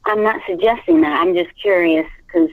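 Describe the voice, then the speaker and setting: A woman's voice: fairly low pitch, normal speed, dry recording. A woman on a phone call, starting hesitantly and then explaining her point insistently. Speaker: caller on a recorded phone call. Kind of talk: casual phone conversation. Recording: tinny phone line.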